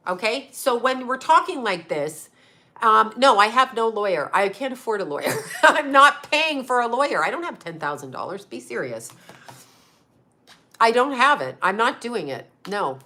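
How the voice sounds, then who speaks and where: A middle-aged woman, a psychic medium, ranting on a livestream with angry, profane, rapid-fire questions aimed at a critic. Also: a little high, bright, forceful tone. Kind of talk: heated livestream rant to viewers.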